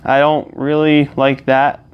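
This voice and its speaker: A young man talks loosely to his viewers while he plays a game, rambling along with fillers and restarts. His voice is smooth and clear at a middle pitch. He is recorded close up on a clip-on lapel mic plugged into a phone. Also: completely flat delivery, slow pace, lo-fi sound. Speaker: gaming vlogger. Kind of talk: casual chat to camera while gaming.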